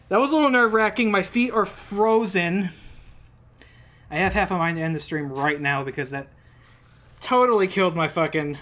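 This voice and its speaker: A man's voice: a little high, fairly bright tone. A man streaming a video game, telling a rambling, profane story in casual live-stream chat.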